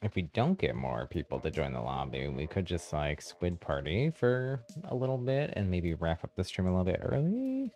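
A man streaming a game, chatting casually with viewers, a bit hesitant and quick to laugh, his voice a little hoarse. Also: sits low. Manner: relaxed, hesitant, laughs often. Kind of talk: casual live-stream chat.

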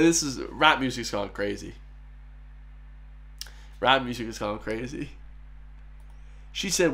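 A man's voice: mid-range voice, expressive, slow pace, creaky, pauses often, a bit bright. A man with an Irish accent hosting a reaction video in a casual, chatty way, often laughing and calling his viewers guys and bro. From Ireland.

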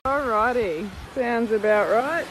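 A woman's voice: fairly high pitch, slow, heavy background noise. A woman commenting sarcastically and with exasperation. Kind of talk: casual commentary.

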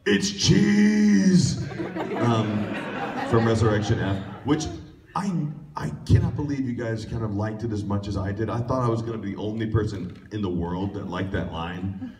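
A man's voice: fairly low pitch, brisk, darkish tone, a little hiss or hum. A man, a voice actor, talking casually and jokingly on a convention panel, rambling with lots of fillers. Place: large convention room. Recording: echoey hall recorded from far off.

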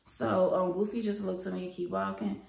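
A woman's voice: mid-range voice, level tone, normal speed, vocal fry, a little mellow. A young adult woman telling a casual storytime to her viewers, chatty, gossipy and freely profane. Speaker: storytime vlogger. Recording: roomy echo.

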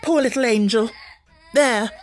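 A flustered, helpless schoolteacher at her wits' end, played by a man. She shrills and wails far above his natural pitch, loud and frantic, swinging between coaxing and scolding in a storybook telling. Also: a little slow. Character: flustered, helpless plump woman teacher.

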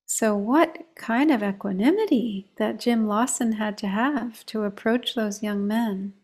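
A woman with a higher-pitched voice, a meditation teacher, relates a story in a reflective discussion about meditation, keeping her tone calm and measured.

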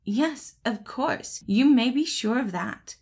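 A woman's voice: on the high side, lively intonation, slow, darkish tone, slightly rough, pitched above the performer's own voice, heavily acted. A woman doing a self-assured hair comb lady. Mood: smug. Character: proud female hair comb, engaged.

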